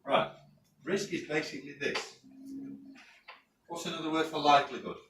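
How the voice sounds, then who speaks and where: Here a man with a fairly high, fairly evenly pitched voice delivers a safety-course lecture with anecdotes, his northern English accent coming through as he chats and throws quick questions to the room, asking "right?" to check in. The classroom audio is roomy and distant, with faint noise.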